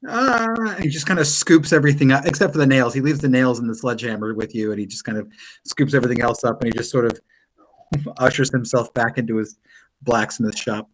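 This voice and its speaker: A man runs a tabletop game, narrating scenes in an easygoing way with fillers. His voice sits at a middle pitch and sounds unhurried. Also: a little hiss or hum, rough recording. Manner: relaxed storytelling with fillers. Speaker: game master.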